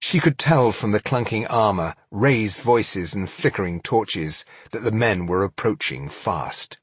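A man reading fantasy fiction aloud as an audiobook narrator, with dramatic, measured storytelling. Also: on the low side, lively intonation, breathy edge, no room sound.

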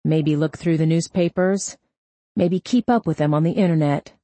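A woman voicing a calm, hard-nosed male police officer in an audiobook, speaking coolly with quiet menace. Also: deep voice, dry recording, natural voice. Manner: cool, slow, quietly threatening. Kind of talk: audiobook character voice.

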